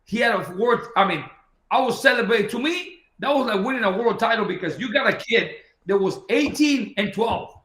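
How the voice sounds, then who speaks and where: A boxing trainer telling a long story in casual talk, acting out the voices of the people in it. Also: male voice, high voice, fairly quick, roomy sound, low-quality recording. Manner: animated anecdote-telling, acting out quoted dialogue.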